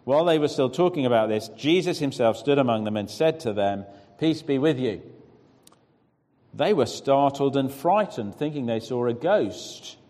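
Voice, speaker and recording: A preacher at a middle pitch leads a scripture reading with interactive teaching, asking questions and pausing for answers while encouraging the people before him. He is animated with a darkish tone, and a long reverb makes him sound as if heard across a church hall.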